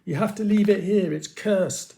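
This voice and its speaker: A man doing an earnest storybook boy, raised pitch, urgent and mellow. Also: normal speed, creaky. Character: earnest brave young boy adventurer.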